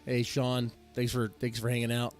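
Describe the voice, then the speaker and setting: A male streamer talks over a debate clip at a mid-range pitch. He rambles and restarts his sentences and greets his chat as he goes. Faint music sits underneath. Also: completely flat delivery, moderate pace. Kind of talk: casual live-stream commentary.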